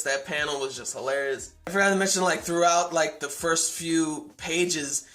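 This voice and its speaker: A man's voice: on the high side, fairly even intonation, normal speed, few pauses, pushed and bright. A young man casually recapping a comic chapter in a rambling, amused way, full of fillers and restarts. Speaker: manga review vlogger.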